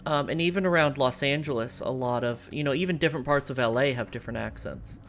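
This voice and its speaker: An American woman with a very deep voice talks fast while live-streaming a strategy game. She chats casually with viewers, rambling, with lots of fillers and restarts.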